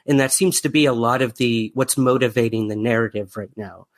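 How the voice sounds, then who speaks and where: A man's voice: medium pitch, a little fast. A man hosting a podcast interview, friendly, with lots of fillers and restarts as he reads out listener questions. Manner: friendly, hesitant with many fillers. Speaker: podcast host.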